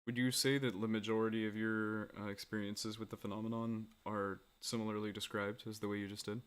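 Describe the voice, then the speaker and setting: A man's voice: lowish voice, little pitch movement, fairly quick, a bit bright, clean tone. Hesitant, probing male interviewer. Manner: hesitant, probing with filler words. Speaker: interviewer host. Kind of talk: casual interview questions.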